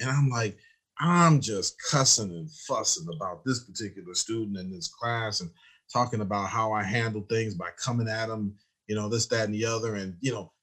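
A man who works as a teacher, telling stories in a relaxed interview and acting out the dialogue he quotes. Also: lowish voice. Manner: animated storyteller, acts out quoted dialogue. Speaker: teacher, guest. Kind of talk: storytelling in a conversational interview.

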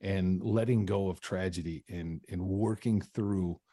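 A podcast guest speaks a little slowly in a low, dark voice with a steady tone, earnestly relating a personal story during an interview. His sentences often stall and restart. The recording is dry and studio quality.

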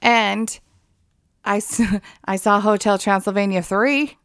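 A woman in her thirties chats casually about movies, with a giggly, easy manner. Her voice has a gravelly fry to it. The recording is dry and close, with no room sound. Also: medium pitch, takes it slowly, a bit bright, dry recording. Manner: giggly, chatty. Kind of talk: casual chat.

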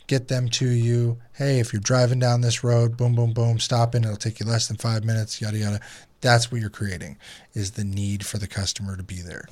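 A man who runs a repair shop, hosting a casual podcast and talking business with lively storytelling. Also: medium pitch, no room sound. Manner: animated storyteller, acts out quoted customers. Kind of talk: casual chat.

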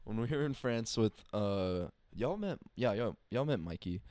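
Loud, excitable young-sounding man chatting. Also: moderate pace, dry recording, clean studio sound. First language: Swedish. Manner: loud, excitable storyteller breaking into high shrieks. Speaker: podcast co-host. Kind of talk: casual chat.

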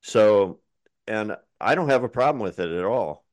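Low-voiced, relaxed podcast co-host man. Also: moderate pace, no echo, clean studio sound. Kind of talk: casual podcast conversation.

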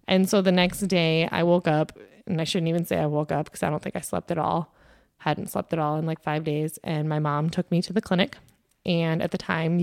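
Lowish-voiced woman telling her story. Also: a little mellow, no room sound, clean studio sound. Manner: candid, conversational, heavy with fillers. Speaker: podcast host sharing her story. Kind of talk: personal storytelling.

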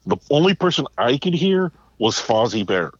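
A man's voice: mid-range voice, big pitch swings, moderate pace, husky, no room sound. Male co-host on a slightly muffled mic. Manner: storytelling, builds up to his point. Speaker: podcast co-host. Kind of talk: casual movie discussion.

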